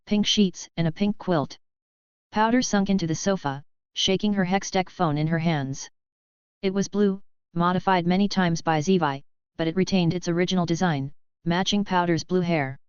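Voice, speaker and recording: A woman narrating a novel aloud in an even, steady reading voice. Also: on the low side, smooth, dry recording, highs cut off. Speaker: audiobook narrator. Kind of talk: scripted narration.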